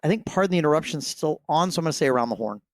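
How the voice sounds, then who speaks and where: A man competing in a trivia quiz, thinking out loud, hesitating with fillers and laughing easily. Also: on the high side, expressive, rapid-fire, no room sound, clean studio sound. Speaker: quiz contestant. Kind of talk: casual game banter.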